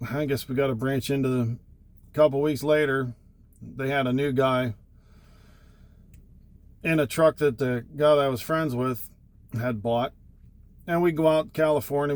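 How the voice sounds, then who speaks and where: Middle-aged trucker man, casual and profane, rambling yarn-teller at a mid pitch. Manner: rambling, profane, wry anecdotes. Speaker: truck driver. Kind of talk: casual storytelling.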